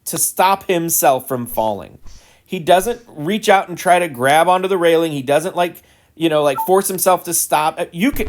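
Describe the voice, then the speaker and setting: A man hosting his own gaming video, ranting in an exasperated, animated way about a movie while he plays, with sighs and laughs. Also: high voice. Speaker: gaming channel host. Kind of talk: casual ranting gameplay commentary.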